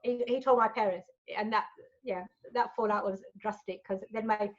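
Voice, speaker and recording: A woman's voice: mid-range voice, moderate pace, dull audio. A woman, a guest in a casual interview, telling her stories candidly and swearing freely. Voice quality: frank and animated, swears freely.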